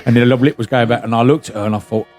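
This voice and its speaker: Fast-talking sweary man. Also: medium pitch, steady tone, a little mellow, soft background music. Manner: blunt, sweary storytelling. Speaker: podcast host. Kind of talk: casual chat.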